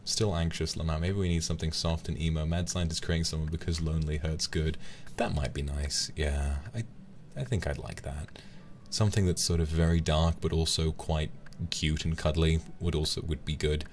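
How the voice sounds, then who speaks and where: A man's voice: rumbling low, fairly even intonation, normal speed, a little mellow, a little hiss or hum. A man chatting casually to his stream viewers in a rambling, playful way, often laughing.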